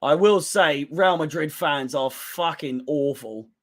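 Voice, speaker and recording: A man's voice: a little high, a little slow. A man hosting a live fan watchalong, giving blunt, emotional commentary on a football match with frequent swearing. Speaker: fan channel host.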